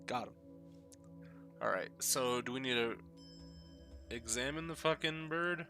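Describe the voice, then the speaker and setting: Blunt, foul-mouthed male streamer; everyday mid pitch, game music behind. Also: measured pace, pushed and bright. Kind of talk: live game playthrough commentary.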